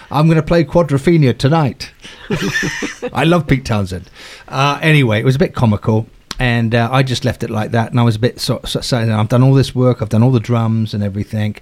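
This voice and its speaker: A man who produces records, telling a story in casual conversation, laughing often and acting out the quotes. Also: mid-range voice. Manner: animated, acts out quotes with raised voice, laughs often.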